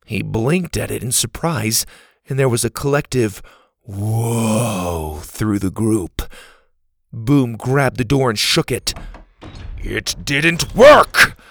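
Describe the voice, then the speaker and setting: With no echo, a man with a creaky voice reads a children's adventure story at a measured pace. He delivers it in a lively way, leaping up loud and high whenever the characters shout.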